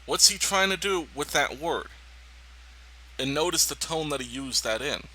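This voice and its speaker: A man giving indignant, emphatic political reaction commentary on a video clip, pausing to talk over it. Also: on the high side, expressive, sharp tone, low-quality recording.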